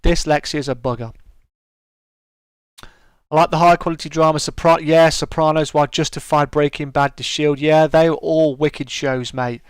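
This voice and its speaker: A man's voice: a little high, steady tone, moderate pace, clean tone, dry recording. A British man hosting a live stream, chatting casually and answering viewers' comments. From United Kingdom.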